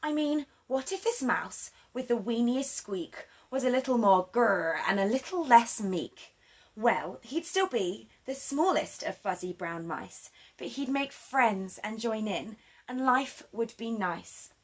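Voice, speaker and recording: Woman playing a tiny timid mouse, squeaky high voice, nervous gulps, hesitant storybook character. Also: lively intonation, takes it slowly, breathy edge, full character voice. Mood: excited. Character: tiny timid male mouse wanting to roar.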